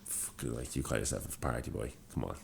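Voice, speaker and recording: A young man from Ireland with a Dublin accent, co-hosting a podcast and telling an animated, swear-filled story. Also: a bass voice, fast talker, vocal fry, a little hiss or hum. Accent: Dublin Irish. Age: young adult. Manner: animated storyteller, swears freely, acts out quoted lines. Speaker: podcast co-host. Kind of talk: casual storytelling chat.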